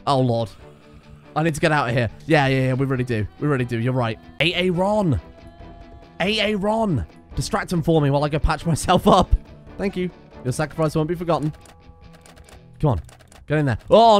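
A young man giving casual let's-play commentary, excitable, swearing and shouting at his teammates. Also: mid-range voice. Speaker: gaming video host.

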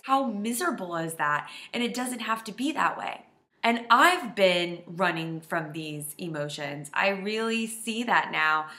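A woman life coach gives a heartfelt, emotional self-help vlog in a bright, clear voice. She talks earnestly at a middle pitch. The room around her is echoey.

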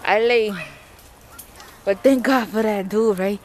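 A woman's voice: medium pitch, slow pace, a little hiss or hum. A winded woman vlogging outdoors on a treetop ropes course, exclaiming and laughing as she narrates with a handheld camera. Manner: exclaiming, laughing, swearing, narrating her own struggle. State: out of breath. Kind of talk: casual self-filmed vlog.

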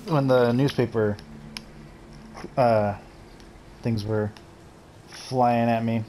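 A man's voice: medium pitch, fairly even intonation, very slow, mellow, a little hiss or hum. A man casually commenting on his gameplay, joking, swearing and talking to himself. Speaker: gameplay streamer.

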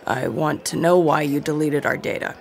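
A narrator voicing a calm male doctor who speaks in a measured, urging way. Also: medium pitch, gravelly, natural voice.

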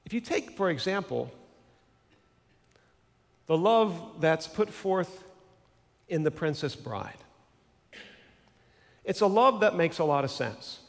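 A man's voice: a little high, sing-song, slow pace, pauses often, big-room sound. A male pastor giving a sermon in an earnest, conversational storytelling manner.

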